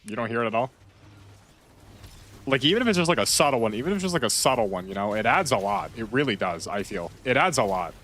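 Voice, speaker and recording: A man chatting casually while playing a game, rambling and repeating himself, with sudden loud outbursts. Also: mid-range voice, lively intonation, fast talker. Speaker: gaming streamer. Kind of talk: casual gameplay chat.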